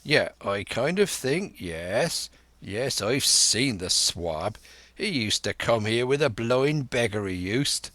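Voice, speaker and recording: A man voicing a wily, blustering one-legged old pirate cook in a slow audiobook reading. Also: mid-range voice, expressive, sharp tone, no room sound. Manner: bluff, blustering, sly sea talk.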